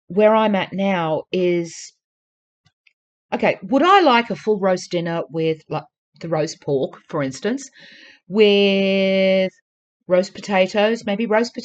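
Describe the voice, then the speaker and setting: A woman's voice: mid-range voice, highs cut off. Earnest, urging woman vlogger. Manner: earnest, urging, repeats pleas for emphasis. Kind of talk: casual talk to camera.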